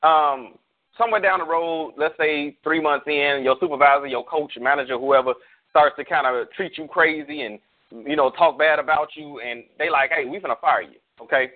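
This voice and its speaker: A man's voice: on the high side, fairly even intonation, moderate pace. A man, a pastor, talking casually on a church call show, preaching through slangy stories and hypotheticals. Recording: tinny phone-like call audio.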